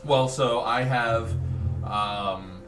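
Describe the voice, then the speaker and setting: A man's voice: mid-range voice, drawn-out words, roomy sound, recorded from a distance, over music. A man playing a tabletop game, laid-back and thinking aloud as he plans his character's move. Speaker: player. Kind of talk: casual tabletop play.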